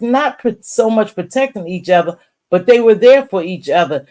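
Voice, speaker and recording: A woman's voice: medium pitch, expressive, moderate pace, dark tone. A woman hosting a live stream, giving casual commentary in a blunt, profane, chatty way and greeting viewers by name.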